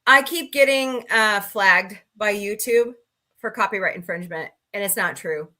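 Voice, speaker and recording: Bright, chatty woman hosting a livestream. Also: medium pitch, normal speed. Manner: chatty, sarcastic, greets chat viewers by name. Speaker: livestream talk show host. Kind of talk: casual livestream chat.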